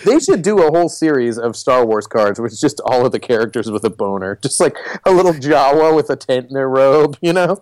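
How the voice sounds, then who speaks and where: A man's voice: mid-range voice, big pitch swings, brisk, a little mellow, no echo. A man co-hosting a podcast in casual chat, playful and joking, laughing a lot. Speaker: podcast co-host.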